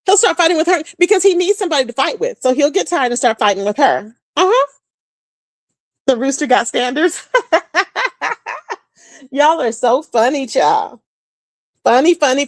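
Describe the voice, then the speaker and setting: Woman streamer, casual gossip host, slightly high voice, close dry mic, lively and chatty. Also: dry recording. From Texas. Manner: chatty and animated, addresses viewers as "child" and "boo", frequent laughter. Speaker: livestream host chatting with viewers. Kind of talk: casual livestream gossip chat.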